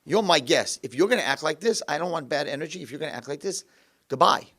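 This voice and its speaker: A man's voice: a little high, expressive, quick pace, bright, forceful tone, voice pushed up, heavily acted. A man voicing a kind, upbeat old man in a wheelchair who talks with coaxing enthusiasm. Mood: firm.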